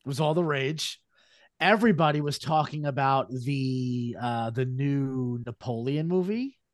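A man co-hosting a podcast, telling a story in a casual, lively way and slipping into silly mock accents. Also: medium pitch, measured pace, dry recording, studio quality. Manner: animated storyteller, slips into mock British voices. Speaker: podcast co-host. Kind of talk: casual chat.

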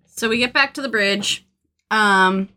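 Podcast co-host, female, mid-pitched, relaxed, narrates plot in a chatty way. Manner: relaxed storyteller, fillers, quick asides. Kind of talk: casual chat, recapping a film plot.

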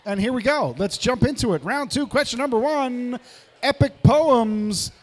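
Guy hosting pub trivia, high voice that swings all over, kinda slow, cracking jokes between answers. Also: expressive. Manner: jokey, reads out answers with asides. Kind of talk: live quiz hosting.

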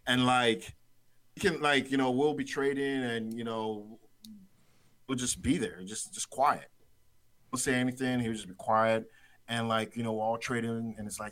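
A man's voice: mid-range voice, fairly even intonation, moderate pace, a bit bright. A man being interviewed, telling a trading story in a rambling, casual way, repeating words and laughing easily. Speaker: trader guest.

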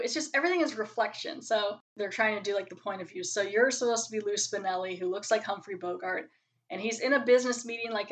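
A woman's voice: fairly high pitch, fairly bright tone. A woman hosting a podcast, chatting casually through an episode review in a rambling way, full of "like" fillers, on a poor home mic. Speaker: podcast host.

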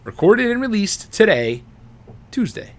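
A man's voice: high voice, big pitch swings, measured pace. A man hosting a casual gaming podcast, rambling and joking at his own slip-ups. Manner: rambling, self-mocking, loose. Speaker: podcast host.

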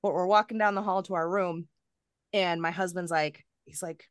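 A woman's voice: lowish voice, fairly even intonation, moderate pace, smooth, no echo, clean studio sound. A woman hosting a podcast in casual chat, candid and a little profane, laughing often as she talks. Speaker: podcast host.

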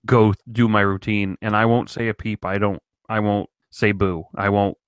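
Man co-host, lowish voice, deadpan casual banter, dry close mic. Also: normal speed, clean tone, dry recording. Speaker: podcast co-host. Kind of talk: casual chat.

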